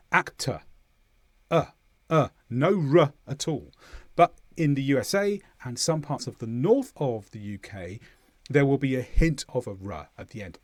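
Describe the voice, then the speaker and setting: A man from southern England with a Southern English accent, teaching English pronunciation and exaggerating each sound slowly as he demonstrates it. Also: mid-range voice, darkish tone, no room sound, clean studio sound. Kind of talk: pronunciation lesson.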